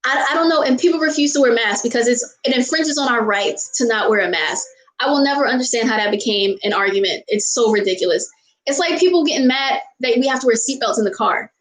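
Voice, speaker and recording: An American woman vlogger with a high-leaning, bright, expressive voice talks fast while answering viewer questions. Her casual chat becomes an exasperated rant, with frequent laughter and apologies. The recording is rough and roomy.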